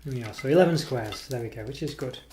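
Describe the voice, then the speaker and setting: A man chats through a chocolate review at a relaxed, meandering pace. His talk is loose and hesitant, with plenty of ums, restarts and self-mocking asides. The recording carries a clear hiss of background noise and the odd click. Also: mid-range voice, fast. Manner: rambling and hesitant, with many ums and self-corrections; self-deprecating. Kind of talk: casual product review.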